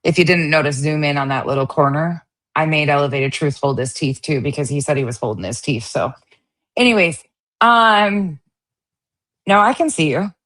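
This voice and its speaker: A woman's voice: sits low, normal speed, a bit bright. A woman hosting a casual commentary show, reacting to stream clips in a sarcastic, profane and mocking way. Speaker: host.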